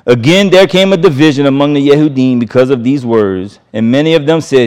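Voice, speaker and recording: A man's voice: mid-range voice, a little fast, few pauses, darkish tone, clear, resonant tone. A man teaching a sermon, reading scripture aloud and commenting in an emphatic, casual way, repeating his key phrases and chuckling between points. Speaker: Bible teacher.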